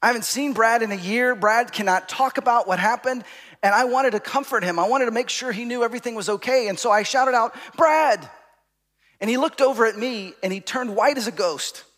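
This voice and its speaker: A man preaching a sermon, telling a personal story, at times calling out loudly and at times dropping to a hush. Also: extremely high pitch, brisk, long reverb tail. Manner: storytelling, rising to shouts and dropping to hushed asides. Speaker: pastor.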